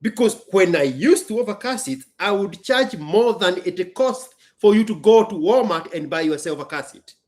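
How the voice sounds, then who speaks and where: A man's voice: high voice, expressive, moderate pace, few pauses, a little mellow. A man, a business owner hosting a casual chat, telling a story emphatically and bluntly. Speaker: business owner and show host.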